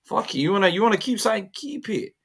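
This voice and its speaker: A man hosting a casual opinion chat, animated and preachy, full of slang. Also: high-pitched, quick pace, slightly rough. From Somali heritage, UK.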